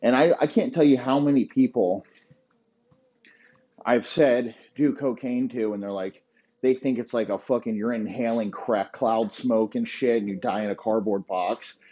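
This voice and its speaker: A man's voice: mid-range voice, normal speed, mellow, slightly rough, dull audio. A man hosting a podcast, ranting in crude, rambling riffs and laughing at his own jokes. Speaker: podcast host. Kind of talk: profane comedic rant.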